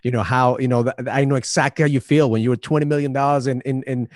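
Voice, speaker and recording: A man's voice: mid-range voice, steady tone, quick pace, darkish tone, no room sound, clean studio sound. A man hosting a podcast, chatting casually and animatedly with his guest. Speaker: podcast host. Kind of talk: casual interview chat.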